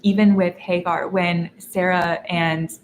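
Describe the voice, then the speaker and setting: A young woman coach teaching a masterclass, talking earnestly and telling animated stories with a laugh now and then. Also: on the low side, slow, slight background noise. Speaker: feminine energy coach. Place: in Dubai. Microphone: seated while teaching.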